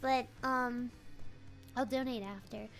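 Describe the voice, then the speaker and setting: A young woman streamer chatting casually on a live stream, rambling and halting, often repeating her words. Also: fairly high pitch, steady tone, vocal fry, fairly bright tone, soft background music.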